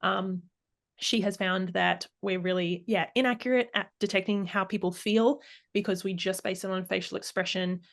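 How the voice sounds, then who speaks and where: A woman's voice: medium pitch, fairly even intonation, normal speed, vocal fry. A woman speaking as a podcast guest and expert, explaining in a casual, thoughtful way with frequent restarts and fillers. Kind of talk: casual interview chat.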